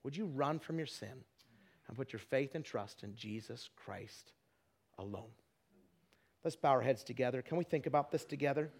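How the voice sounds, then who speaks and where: A middle-aged man preaching a sermon with an altar call, earnest and repetitive, dropping to hushed tones for prayer. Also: medium pitch, animated, normal speed, creaky. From Twin Falls area, United States. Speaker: evangelist.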